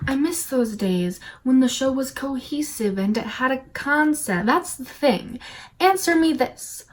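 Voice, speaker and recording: Brief: woman reviewer, sarcastic and exasperated, quick talker, somewhat high voice. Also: lively intonation. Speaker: video reviewer. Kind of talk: opinionated commentary.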